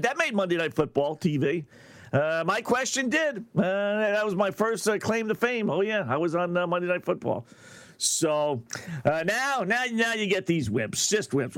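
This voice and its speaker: A man's voice: fairly high pitch, a bit bright, no echo. A middle-aged man hosting a sports betting radio show, talking in a brash, sarcastic, rambling monologue.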